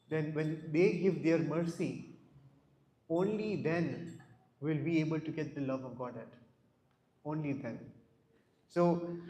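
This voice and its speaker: A man's voice: on the high side, warm tone. A man giving a scripture class, asking the listeners questions and telling stories, often repeating words. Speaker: class speaker. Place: temple hall. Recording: echoey hall.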